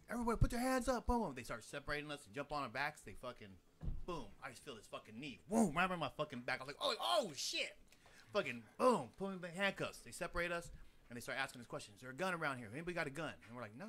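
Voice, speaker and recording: Man, young adult, quick talker, bright voice, animated storyteller, swears a lot, faint background hiss. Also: a little high. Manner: animated storytelling, heavy swearing, acts out quotes and sound effects. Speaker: podcast co-host. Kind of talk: casual chat.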